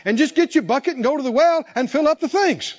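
A man's voice: very high voice, lively intonation, fast talker, dull audio. A man preaching a sermon, telling stories dramatically and acting out the voices of the people in them. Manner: dramatic storytelling, acting out voices, shouting peaks.

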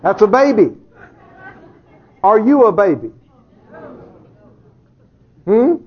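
A man preaches with a light, joking touch, chuckling and asking his listeners rhetorical questions. His voice sits high and has a husky grain. The recording is dull and lo-fi. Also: sing-song, slow pace, a faint crowd. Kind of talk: sermon.

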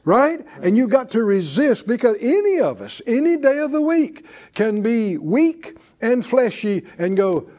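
A man's voice: extremely high pitch, sing-song, a little slow, darkish tone. A man preaching a sermon, leading the congregation in call-and-response.

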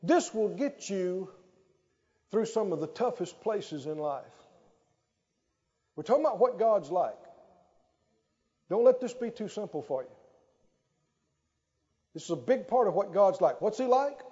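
A man preaching with a high, swooping voice that ranges widely as he drives each point home. His tone is mellow and warm rather than bright, and he draws out his words slowly. The sound is muffled and lo-fi, ringing with the long echo of a large hall. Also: big pitch swings. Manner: emphatic, drawn-out phrases with call-and-response. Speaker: pastor. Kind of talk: sermon.

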